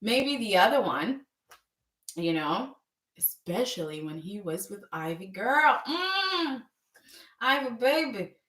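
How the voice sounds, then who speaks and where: Animated woman recapping a soap, roomy sound. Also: mid-range voice, a little slow, distant mic. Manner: animated, acts out characters' lines, frequent laughs. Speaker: soap opera recap vlogger. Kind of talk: casual recap chat.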